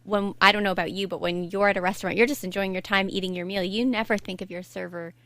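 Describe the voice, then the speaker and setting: A young woman talks earnestly and reflectively as a podcast guest, her voice carrying a gravelly fry at the ends of phrases. She speaks at a middling pitch, close to the mic in a dry, dead-sounding space. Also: steady tone, fast talker, pushed and bright, no room sound. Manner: earnest, reflective, frequent restarts. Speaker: podcast guest, life coach. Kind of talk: candid conversational storytelling.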